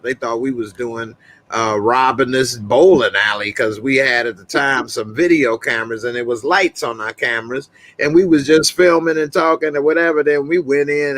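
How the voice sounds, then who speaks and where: A man's voice: medium pitch, sharp tone. A man hosting a live talk stream, chatting casually and telling loose stories full of slang, often breaking into laughs.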